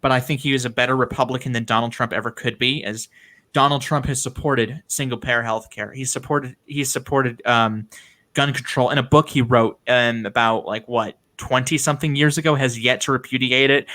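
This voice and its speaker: A man's voice: mid-range voice, fairly even intonation, normal speed, bright, forceful tone. A man hosting a casual political discussion, opinionated and talking with many fillers and restarts.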